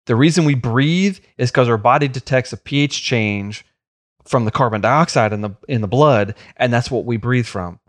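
A man's voice: mid-range voice, moderate pace. A man telling stories in casual chat, often breaking into laughter.

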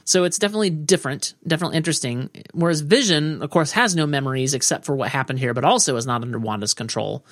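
A co-host in a casual show recap, thinking out loud and often trailing off unsure. The voice sits at an ordinary middle pitch. It is recorded dry and close, with no room echo. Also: fast, few pauses. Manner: musing, hedging, often trails off with "I don't know".

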